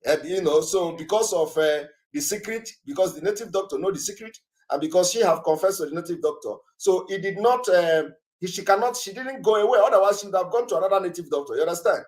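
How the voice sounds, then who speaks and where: A man's voice: high-pitched, animated, quick pace, darkish tone. A man hosting a live call-in broadcast, emphatic and repetitive, with many fillers. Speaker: broadcast host taking callers.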